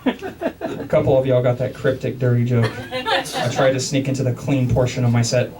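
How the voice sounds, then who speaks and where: A man from Texas performs a stand-up set in a small club, self-mocking and animated. His pitch swings widely from line to line, and he sounds a little distant from the microphone, with the room around him. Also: normal speed, a loud crowd. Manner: self-mocking, animated, repeats words when starting sentences. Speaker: stand-up comedian. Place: comedy club basement, live audience.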